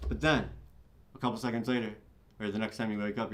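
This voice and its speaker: A man's voice: fairly low pitch, steady tone, fast. A man hosting his own show, giving a solo talk on recovery and sobriety, preachy and emphatic, swearing and calling his listeners "my friends". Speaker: host.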